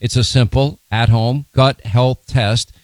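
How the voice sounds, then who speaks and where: A man reading an ad in a brisk, upbeat way. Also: medium pitch, steady tone, no room sound. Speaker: host reading an ad. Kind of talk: read advertisement.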